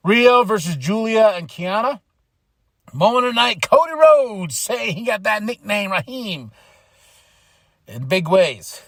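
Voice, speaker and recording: A man hosting a podcast, giving a casual, rambling recap of a show with frequent laughs and excited bursts. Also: high voice, unhurried, no echo, studio quality. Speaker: podcast host.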